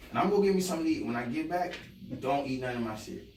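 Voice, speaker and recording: A man in casual podcast chat, animated and profane, acting out both sides of an argument with his partner. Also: mid-range voice, very fast, roomy sound, distant mic, slight background noise, poor audio. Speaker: podcast guest. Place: podcast studio.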